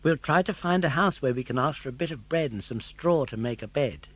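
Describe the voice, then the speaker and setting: Old fella putting on a high eager puppet boy voice, bouncy and lively. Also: a little fast, breathy edge. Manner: high excited boyish voice. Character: wooden boy puppet, young, brave and eager. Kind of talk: audiobook character voice.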